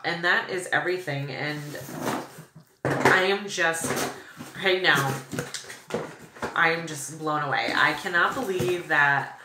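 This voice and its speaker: Gushing low-voiced woman in an echoey room. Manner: gushing, excitable, chatty with many fillers. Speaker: beauty vlogger. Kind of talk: casual unboxing chat. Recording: echoey room with clear background noise.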